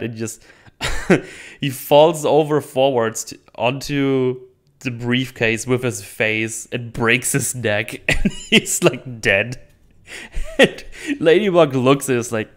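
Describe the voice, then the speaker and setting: A man with a mid-range, expressive voice speaks slowly as he recaps a movie on his own channel. He rambles casually, laughs often and acts out lines from the characters.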